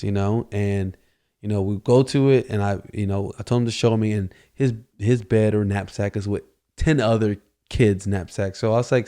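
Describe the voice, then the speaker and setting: A man with a fairly low, warm and mellow voice hosts a podcast. He tells a loose, casual story and keeps circling back with "you know" between his thoughts. His delivery is relaxed and conversational. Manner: rambling, full of "you know" fillers. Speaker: podcast host.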